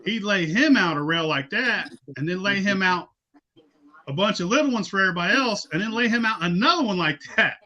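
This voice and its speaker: A man, hosting a podcast and telling loud, profane stories with lots of laughing. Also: high voice, animated, a little fast. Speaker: podcast host. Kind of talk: casual storytelling.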